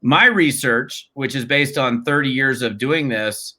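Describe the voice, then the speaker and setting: A man in his fifties, a network marketing trainer talking as an interview guest, telling stories in an energetic, casual, slangy way with frequent restarts. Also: medium pitch, a little slow. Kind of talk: conversational interview storytelling.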